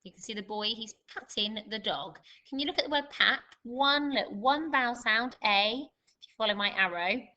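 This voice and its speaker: A woman leads a spelling lesson for young children. Her voice is bright and clear, and she speaks slowly and deliberately, stressing each word. She explains each point patiently, the way a teacher does for small pupils. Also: a little high, lo-fi sound. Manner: slow, deliberate dictation with clear emphasis. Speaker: primary school teacher.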